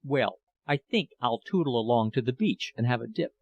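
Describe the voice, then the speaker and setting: A man's voice: medium pitch, lively intonation, moderate pace, breathy edge, no room sound. A man reading aloud, voicing a self-conscious, offhand young Englishman. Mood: awkward.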